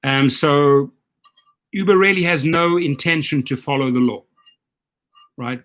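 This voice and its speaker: A middle-aged man with a South African accent and a fairly high voice runs a livestream chat. He coaches his listeners with energy and tends to restart and repeat his words. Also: a little slow, pauses often, a bit bright. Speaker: host. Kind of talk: livestream chat giving advice.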